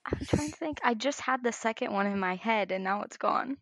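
A woman's voice: fairly high pitch, fairly quick, dry recording. Laughing woman telling stories. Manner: animated storytelling, swears, laughs a lot. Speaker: podcast co-host; mother. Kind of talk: casual chat.

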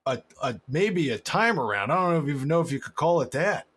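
A man's voice: fairly high pitch, big pitch swings, quick pace, fairly bright tone, husky. A man co-hosting a podcast in casual comedic chat, rambling and crude, often losing his train of thought. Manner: rambling, crude and jokey, trails off. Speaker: podcast co-host.

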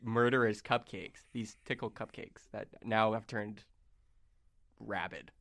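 A man's voice: fairly low pitch, a little slow, vocal fry. A young man narrating as game master, giggly and full of fillers. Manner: giggly, filler-heavy, lively.

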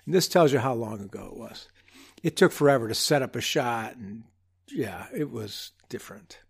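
A man hosting his own show, telling a reflective personal story in an unhurried, wry way with humorous asides. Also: medium pitch, lively intonation, gravelly, slightly rough. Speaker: podcast host.

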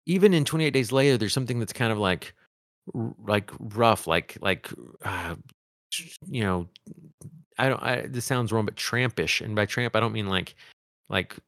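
A man co-hosting a podcast in a loose, animated chat. His voice sits on the low side, and he rambles and restarts as he thinks. The sound is dry and close. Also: moderate pace, no room sound. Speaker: podcast co-host. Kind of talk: casual chat.

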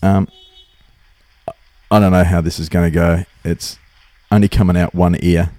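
A man's voice: sits low, little pitch movement, moderate pace, dark tone, no room sound. A man co-hosting a podcast, joking, swearing and laughing as he tells stories in casual banter. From Australia. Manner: swearing, laughing, jokey storyteller. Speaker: podcast co-host.

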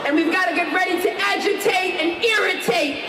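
A woman politician giving a fiery rally speech, shouting slogans. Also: extremely high pitch, brisk, loud music behind the voice. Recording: noisy crowd rally clip. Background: cheering crowd.

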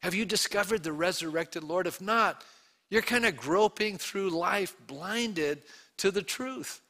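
A pastor preaches an Easter sermon to his congregation, telling the story with animated asides, acting out quotes, and putting questions to the room. His voice sits high, and he speaks unhurriedly.

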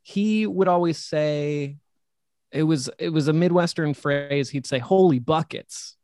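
A man's voice: a little high, a little slow, darkish tone, dry recording, studio quality. A man, a horror author and podcast guest, telling rambling stories in casual chat and swearing casually.

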